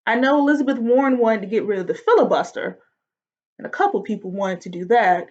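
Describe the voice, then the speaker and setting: A woman lecturing in a relaxed, chatty way, dropping slang and tossing questions to the class. Her voice sits a bit high, and the sound is dull and lo-fi. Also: brisk. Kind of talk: casual online lecture.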